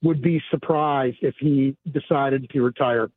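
A man calling in as a sports reporter guest, talking in a measured, storytelling way over the phone. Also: mid-range voice, steady tone, no echo. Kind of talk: phone interview. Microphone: phone line. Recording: dry tinny phone line.

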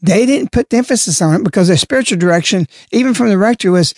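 A man's voice: high voice, animated, fast talker, darkish tone, dry recording, clean studio sound. A man giving a spoken religious reflection, stressing and repeating key words as he explains. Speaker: lay religious speaker.

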